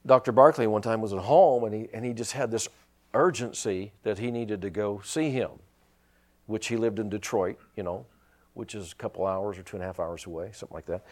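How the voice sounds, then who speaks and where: A male pastor preaching a sermon, telling stories and rising into shouted praise. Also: fairly low pitch.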